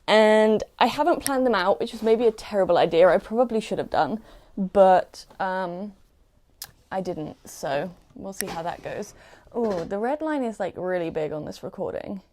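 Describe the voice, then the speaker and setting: A woman's voice: medium pitch, expressive, normal speed, a little mellow, rough recording. Chatty young Englishwoman rambling casually. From England. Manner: chatty and rambling, self-deprecating, frequent fillers. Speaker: small clothing business owner. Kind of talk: casual chat while packing orders. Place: at home, sitting on a squeaky chair. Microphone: new desk mic.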